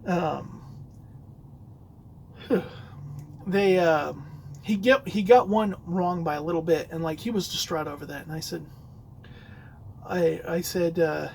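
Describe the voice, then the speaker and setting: A man's voice: on the high side, measured pace, vocal fry, long pauses, a little mellow, slight background noise, low-quality recording. Rambling male podcaster telling a story. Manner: rambling storytelling with many fillers and restarts. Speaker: podcast host. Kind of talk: casual solo podcast talk.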